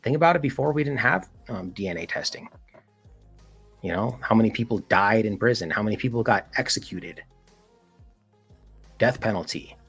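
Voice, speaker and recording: A man's voice: lowish voice, moderate pace, gravelly, long pauses, slightly rough, soft background music. A man hosting a casual livestream chat, talking emphatically with lots of "like" and "dude". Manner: animated, emphatic, heavy use of "like" and "dude". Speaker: podcast host.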